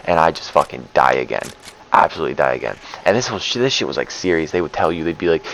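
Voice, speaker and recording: A man's voice: extremely low pitch, expressive, quick pace, vocal fry, fairly bright tone, slight background noise, rough recording. A young man telling a rambling, profane story in a casual storytime with lots of fillers. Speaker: storyteller vlogger.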